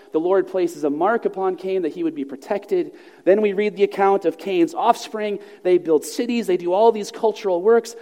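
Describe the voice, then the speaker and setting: A man preaching a sermon to his congregation, measured and earnest, slowing down to stress key phrases. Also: high voice, dark tone. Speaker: pastor. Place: church sanctuary. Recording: long reverb of a large hall.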